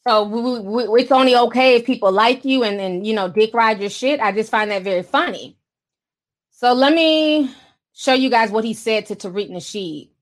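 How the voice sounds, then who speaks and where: High-voiced woman, blunt and sarcastic. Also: normal speed. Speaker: commentary vlogger. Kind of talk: casual gossip commentary.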